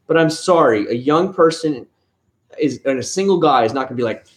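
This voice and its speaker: This man's voice runs on the high side, animated and brisk. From his home, where family is close by, he hosts a relaxed live stream, chatting loosely about cars and taking viewer comments one by one. The audio carries a roomy echo.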